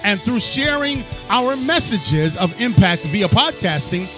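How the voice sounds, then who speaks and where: Animated podcast host man, high voice. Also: unhurried, over music. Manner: showman, sing-song, booming announcer build-ups. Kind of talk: hyped podcast introduction and chat.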